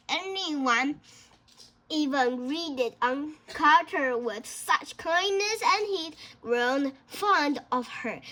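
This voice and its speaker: Slow, stumbling woman reading a storybook. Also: high voice, pushed and bright. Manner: halting, often stumbles and restarts words. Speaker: reader of a children's novel. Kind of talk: storybook read-aloud.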